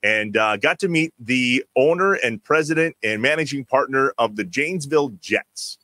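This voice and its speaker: A man's voice: medium pitch, expressive, normal speed, bright, forceful tone, no echo. A man from Wisconsin hosting a podcast in an easygoing way, leading into segments and reacting with enthusiasm. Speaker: podcast host. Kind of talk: casual chat and segment hosting.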